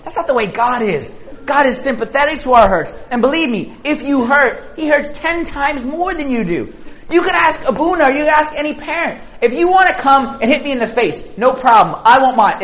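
A young adult man giving a lively, conversational sermon to young people. He tells animated stories and keeps checking in with his listeners by asking "okay?". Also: very high voice, brisk. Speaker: pastor. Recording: dull lo-fi sound.

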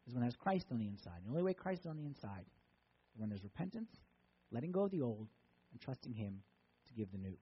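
Husky storytelling pastor, echoey hall. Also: male voice, medium pitch, big pitch swings, quick pace, dull audio. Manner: storytelling, swinging between loud and soft. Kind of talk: sermon. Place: church.

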